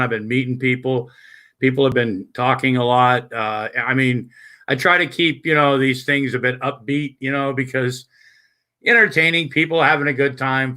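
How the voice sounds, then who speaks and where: A man hosting a casual late-night livestream, rambling and swearing as he greets viewers by name, with lots of halting fillers. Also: mid-range voice, sharp tone. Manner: halting, many fillers and restarts. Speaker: livestream host.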